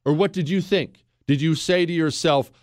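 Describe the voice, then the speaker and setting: A man's voice: fairly high pitch, moderate pace, no echo, clean studio sound. A man hosting a political commentary show, delivering a sarcastic, combative monologue straight at the listener. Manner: mocks others with put-on quoting voices. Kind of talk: ranting monologue.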